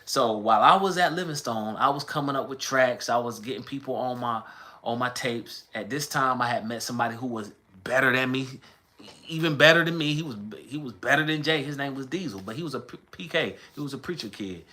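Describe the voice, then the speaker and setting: Bright-voiced man telling a casual story. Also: mid-range voice, fairly quick. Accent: Southern US, light. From American South. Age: 30s. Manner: rambling, conversational, with chanted bits of old raps. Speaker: musician telling his story. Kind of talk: casual storytelling to a livestream chat.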